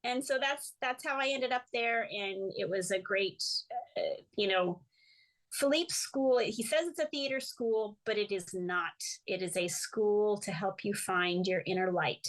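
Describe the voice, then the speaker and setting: Speaking in a mid-range voice at a measured pace, an American woman who is a guest artist recounts stories in an easygoing interview. Her delivery is animated, with acted-out quotes and plenty of laughter.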